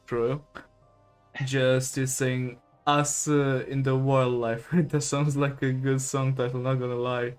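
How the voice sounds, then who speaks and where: A man hosting a podcast in a relaxed way, often laughing and hesitating. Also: mid-range voice, slow pace, clear, resonant tone. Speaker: podcast host. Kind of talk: casual podcast chat. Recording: slightly dull stream audio with faint music.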